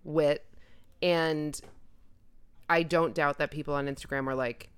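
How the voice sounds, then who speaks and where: Low smooth-voiced female host. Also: steady tone, normal speed. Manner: playful, gushing compliments. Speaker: podcast host. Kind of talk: casual chat.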